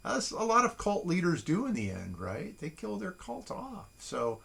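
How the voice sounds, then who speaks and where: A man hosting a casual morning livestream, reading listeners' haiku slowly and adding wry, chatty asides from his desk at home. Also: high-pitched, huge pitch swings, gravelly, a bit bright. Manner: chatty and wry, reads poems slowly and deliberately.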